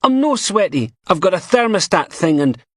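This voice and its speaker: A man's voice: on the high side, very animated, normal speed, fairly bright tone, breathy edge, no room sound, clean studio sound, pitched above the performer's own voice, heavily acted. A man voicing a jumpy, foul-mouthed small-time male drug dealer, in an audiobook. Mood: pained. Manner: jumpy, cocky, swearing.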